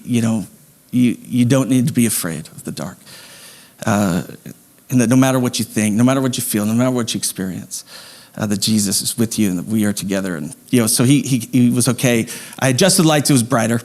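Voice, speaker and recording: Pastor, thirties, from Idaho, animated sermon storyteller who sinks to a quiet hush. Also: male voice, mid-range voice. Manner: animated storytelling that drops to a soft, slow hush.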